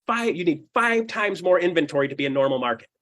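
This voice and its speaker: A man leading a live seminar for real estate agents, energetic and blunt, swearing casually, laughing often and checking in with "right?". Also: fairly high pitch, fast. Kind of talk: live seminar talk to an audience.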